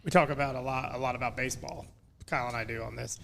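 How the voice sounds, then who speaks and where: A man's voice: medium pitch, steady tone, fast, creaky, fairly bright tone, a little hiss or hum. A man hosting a podcast, chatting casually and teasing his guest with a ready laugh. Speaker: podcast host. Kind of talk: casual chat.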